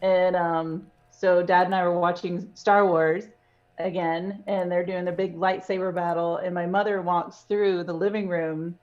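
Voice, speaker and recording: A woman's voice: fairly low pitch, level tone, unhurried, a little mellow. Laughing woman telling stories, lo-fi. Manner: laughing anecdotal storyteller. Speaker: convention panelist. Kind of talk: casual panel chat.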